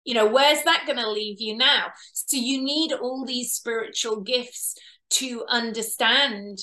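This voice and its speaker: A bright, tense-toned woman speaks at a fairly high pitch. She talks at length in an interview, explaining her healing work. She slips into little acted voices for parents and children along the way. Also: a little slow. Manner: animated, acts out quoted parents and children. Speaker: past life regressionist and healer.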